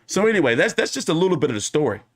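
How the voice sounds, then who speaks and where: Male host, fairly high voice, wildly swinging pitch, casual profane storytelling, boxing commentary. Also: rapid-fire. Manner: profane, rambling, animated storyteller.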